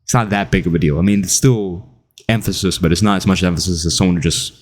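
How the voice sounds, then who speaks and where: A young man giving casual self-improvement advice in an animated, jokey way, acting out quotes. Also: low voice, fast. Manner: animated, jokey, laughs at his own stories, acts out quotes. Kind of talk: casual talking-head advice video.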